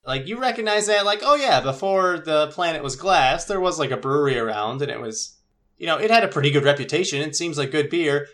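A woman's voice: low-pitched, lively intonation, a little fast, fairly bright tone. A woman running a tabletop game as game master. She narrates loosely and chattily, full of fillers and asides.

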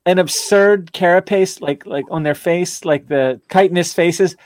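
A man's voice: high-pitched, a little slow, no room sound. A man chatting hesitantly as a player in a tabletop game. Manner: hesitant, many restarts. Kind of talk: casual tabletop game chat.

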